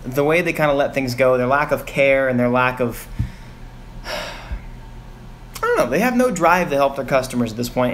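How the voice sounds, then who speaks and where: A young man talks loosely to his live-stream viewers, pausing with ums and heavy sighs as his frustration builds. His voice sits at an ordinary middle pitch. A faint background hiss sits under the recording. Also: fairly bright tone. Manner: frustrated, sighing, rambling with fillers. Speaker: vlogger. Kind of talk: casual live stream rant. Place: home garage.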